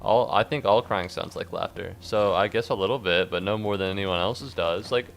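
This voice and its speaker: A man giving rambling, jokey commentary while streaming a game, breaking into squeaky outbursts. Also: normal speed, creaky, faint music behind. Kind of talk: casual gaming commentary.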